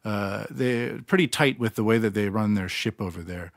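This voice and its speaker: A man's voice: fairly low pitch, moderate pace, gravelly, no room sound, studio quality. A Canadian man hosting his own podcast, talking alone in a rambling, blunt and self-deprecating way. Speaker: podcast host. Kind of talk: casual solo monologue.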